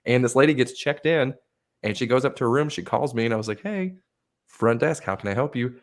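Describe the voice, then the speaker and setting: A man's voice: mid-range voice, fast. A man co-hosting a comedy podcast, swearing freely and acting out the voices in his stories. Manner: animated storyteller, acts out voices in anecdotes. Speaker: podcast co-host. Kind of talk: crude comedic banter.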